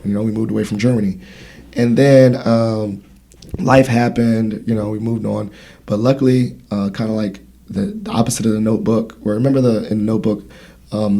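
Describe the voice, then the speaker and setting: A man's voice: fairly low pitch, gravelly, warm tone. A man in his thirties hosting a casual podcast conversation, telling a story in a rambling way with many fillers and restarts. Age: 30s. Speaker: podcast host.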